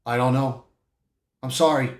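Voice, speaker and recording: A man voicing a troubled male scientist who speaks in a low, subdued, apologetic way. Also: lively intonation, moderate pace, roomy sound, lightly acted. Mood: grave.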